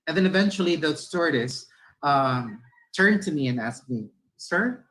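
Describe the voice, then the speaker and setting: A man's voice: on the high side, animated, moderate pace, fairly bright tone, low-quality recording. A Filipino man with a Filipino accent, giving a chatty, conversational talk to teachers and slipping Filipino words into his English. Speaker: teacher trainer.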